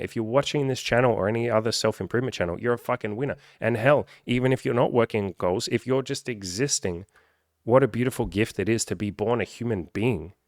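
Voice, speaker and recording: Guy with a lowish voice ranting to camera, lots of swearing, dry close sound. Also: no echo. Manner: profane, animated, acts out quoted voices. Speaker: self-improvement coach. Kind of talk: casual direct-to-camera vlog.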